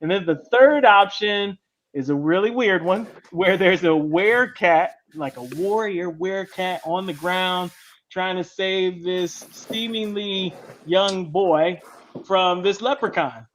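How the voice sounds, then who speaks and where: A man's voice: high voice, takes it slowly, fairly bright tone, slight background noise. A man hosting a casual panel chat about writing comics, explaining step by step and tagging "right?" onto his points. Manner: chatty, explains step by step, keeps adding "right?". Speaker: show host and comic writer.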